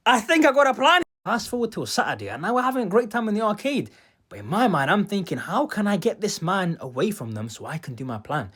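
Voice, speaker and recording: A young man with a high-pitched voice tells a comic story from his own life, playing it up for laughs. His delivery swoops all over the place, jumping from loud boastful outbursts to low muttered asides. It sounds like a casual storytime vlog. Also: husky. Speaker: storytime vlogger.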